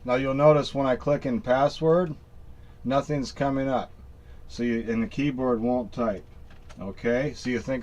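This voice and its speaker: A man's voice: mid-range voice, fairly even intonation, unhurried, a little mellow, highs cut off. A man casually talking through a screen-recorded tech walkthrough, rambling and folksy, full of fillers and restarts. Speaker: tech tutorial maker.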